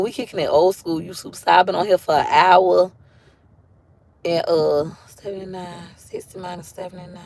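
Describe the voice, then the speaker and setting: A lively woman with an African American accent talks casually to her livestream viewers. She chats in a loose, animated way and often jumps into high, mocking voices when she quotes other people. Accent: African American English. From Tampa, Florida. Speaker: livestream host.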